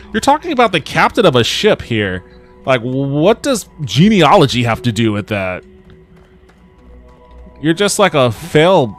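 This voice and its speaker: Dude cussing and joking while he plays a game, normal pitch. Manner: profane, joking. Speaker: podcast host and gamer. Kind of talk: casual gameplay commentary.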